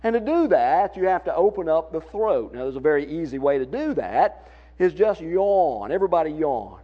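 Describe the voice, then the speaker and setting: Leading a church singing workshop, a man with a Southern accent offers folksy, encouraging tips and shows voice techniques. He speaks at a moderate pace in a slightly high voice with big swings in pitch, heard through a muffled lo-fi recording.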